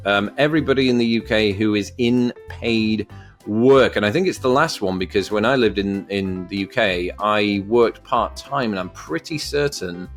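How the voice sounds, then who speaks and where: Wry man, lowish voice. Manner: wry, joking asides while reading questions aloud. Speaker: vlogger. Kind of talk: casual commentary while taking an online quiz.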